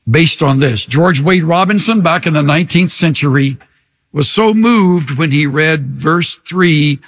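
An older man preaching a sermon in an earnest, emphatic way, slowing to soft pauses. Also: fairly high pitch.

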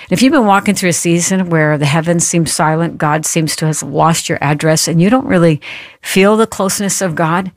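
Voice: mid-range voice, brisk, dry recording, clean studio sound. The host of a Christian interview show, introducing a guest and affirming him as he speaks. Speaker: podcast host.

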